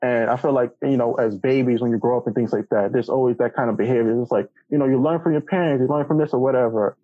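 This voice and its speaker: A man's voice: medium pitch, fast talker, no room sound, narrow, tinny audio. A man hosting a podcast, asking long rambling questions full of fillers and restarts. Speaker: podcast host. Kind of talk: casual interview chat.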